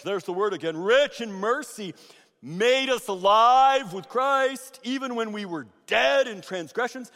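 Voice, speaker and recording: A man preaching a sermon as pastor, swinging between loud emphatic bursts and hushed asides. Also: high-pitched. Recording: long reverb of a large hall.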